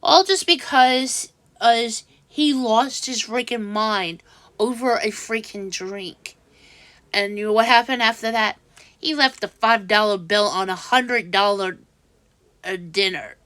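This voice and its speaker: A woman casually telling a story in a vlog, halting and restarting often, growing exasperated as she goes. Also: medium pitch, fairly bright tone, dry recording. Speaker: vlogger.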